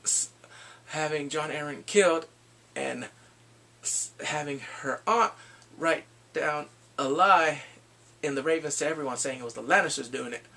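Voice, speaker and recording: Excitable man rambling through a recap. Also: a little high, moderate pace, vocal fry. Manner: excitable, rambling storytelling with frequent "like". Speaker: TV show reviewer. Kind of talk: casual episode recap.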